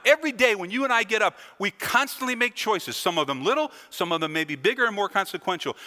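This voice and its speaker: Here the preacher has a high, sharp-toned voice, pressing his sermon emphatically as it swells and drops and circles back to the same phrases. Long reverb from the hall hangs on every line.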